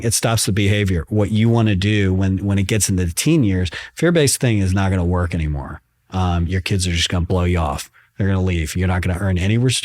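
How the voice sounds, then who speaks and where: A man's voice: lowish voice, darkish tone. A man who is a guest on a podcast, explaining his point earnestly and step by step in a casual chat.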